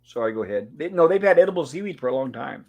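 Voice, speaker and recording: A man's voice: medium pitch, very animated, racing, a little mellow. Chatty male livestream host. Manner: chatty, recaps scenes with frequent "of course". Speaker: livestream host reviewing an old sitcom. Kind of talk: casual live-stream chat. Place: home bedroom.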